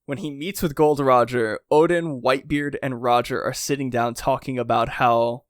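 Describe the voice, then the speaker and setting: This man, mid-range and at a moderate pace, co-hosts a podcast with casual, rambling talk full of fillers and restarts. He acts out quotes in lively character voices, recorded at studio quality with no echo.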